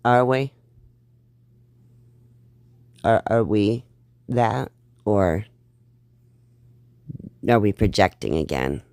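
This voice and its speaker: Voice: medium pitch, animated, takes it slowly, a little mellow, clean tone, no room sound. A reaction channel host giving blunt, sarcastic and profane commentary on a clip.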